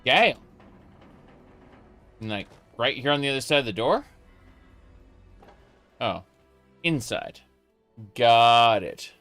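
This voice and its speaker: A relaxed man comments on his game over a headset and reads his dialogue choices aloud. His voice is bright and smooth. The recording is dry and close. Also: medium pitch, slow, pauses often, no echo, soft background music. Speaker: gamer playing and commenting. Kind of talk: casual let's-play commentary.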